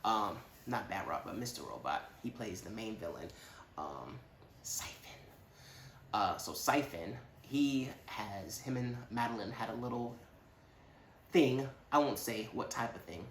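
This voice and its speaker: Animated man rambling through a movie review. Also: on the low side, a little slow, echoey room, a little hiss or hum. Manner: animated, rambling, slangy asides. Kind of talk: casual spoken movie review.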